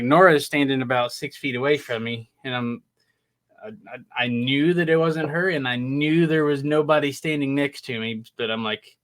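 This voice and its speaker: A middle-aged man with an ordinary mid-pitched voice, chatting as a podcast guest. He tells his story in a relaxed, unhurried way and laughs easily. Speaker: podcast guest, haunted house reviewer. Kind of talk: casual interview chat.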